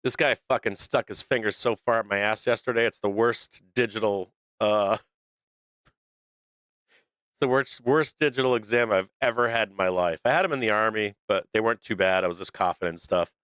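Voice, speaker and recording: A man's voice: on the low side, normal speed, a bit bright, clear, resonant tone, no room sound. Blunt, profane middle-aged man ranting. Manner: blunt, profane, rambling with restarts. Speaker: stock market show host. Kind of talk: casual livestream rant.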